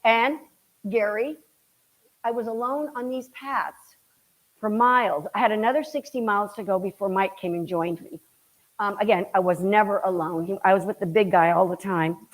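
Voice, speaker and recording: A middle-aged woman giving a casual slide talk to an audience, chatty and animated, acting out quoted voices as she tells a story. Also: medium pitch, normal speed, low-quality recording.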